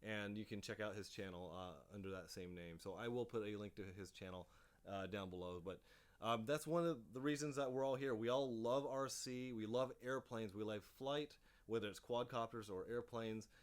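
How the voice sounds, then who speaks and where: A drone hobby channel host chats casually on a live stream from his home office, talking into a desk mic with plenty of fillers and false starts. His voice is lowish and clean-toned, at a normal speed.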